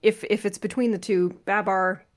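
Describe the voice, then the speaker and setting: A woman's voice: mid-range voice, steady tone, moderate pace. A woman co-hosting a podcast, chatting casually in a hesitant, rambling way. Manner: hesitant, many fillers and restarts. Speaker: podcast co-host. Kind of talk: casual chat.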